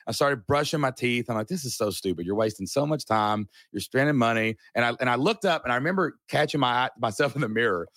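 A middle-aged man telling a personal story in a casual chat, animated and earnest, with a folksy way of talking. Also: medium pitch, fast talker, few pauses, no echo, studio quality. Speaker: podcast guest.

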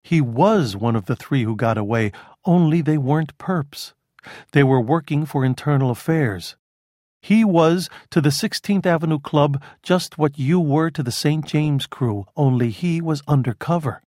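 A man voicing a measured, cerebral criminologist. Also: fairly high pitch, expressive, a little mellow, dry recording, studio quality. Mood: explaining. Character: dry, cerebral male criminologist, middle-aged. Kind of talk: audiobook character voice.

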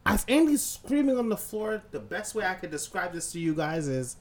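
A man casually telling a long story on a podcast, profane and animated, acting out scenes and sounds. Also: high voice, moderate pace. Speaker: podcast co-host.

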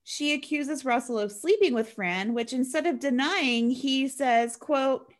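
A woman co-hosting a casual podcast, recapping a movie plot in a chatty, animated way with sarcastic asides. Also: high-pitched, measured pace, hardly any pauses. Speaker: podcast co-host recapping a film. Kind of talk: casual chat.

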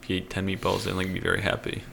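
A young man co-hosting a casual podcast with deadpan quips. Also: low voice, racing, creaky, slight background noise. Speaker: podcast co-host.

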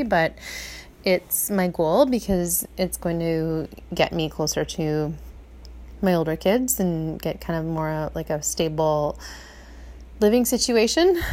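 A woman in her forties hosting a casual podcast, chatty and rambling, swearing freely and laughing often. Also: on the low side. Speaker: podcast host.

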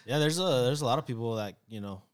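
A man's voice: medium pitch, quick pace, clear, resonant tone. A man, a barber, chatting on a podcast and telling a heartfelt story, earnest and emotional, with many fillers and restarts. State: tearing up. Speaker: barber guest. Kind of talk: casual podcast chat.

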